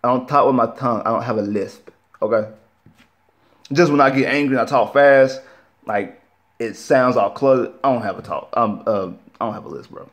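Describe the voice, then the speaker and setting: A man's voice: mid-range voice, normal speed. Young male sports vlogger, heated casual rant, repetitive and slangy. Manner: animated, repetitive, frustrated, slangy.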